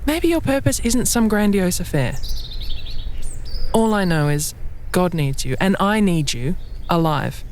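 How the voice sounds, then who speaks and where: A supportive wife in audio drama, animated, everyday voice. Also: female voice, on the low side, measured pace, long pauses, slight background noise. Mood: earnest. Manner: gently teasing, then earnest and reassuring. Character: supportive wife in middle age, teasing. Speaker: actress in a dramatized reenactment.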